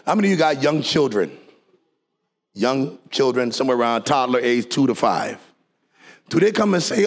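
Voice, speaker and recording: A man with a high, gravelly and husky voice preaching in church. He leads the congregation in call and response. His delivery swings from quiet, low asides to shouted, sung climaxes. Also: very animated, normal speed, pauses often. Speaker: pastor. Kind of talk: preaching sermon.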